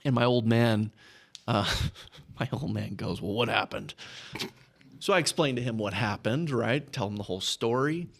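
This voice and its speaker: His mid-range voice moves at normal speed as this Texan business owner, a guest on a podcast, casually relates a story. He laughs softly through the anecdotes and often checks in by saying "right?"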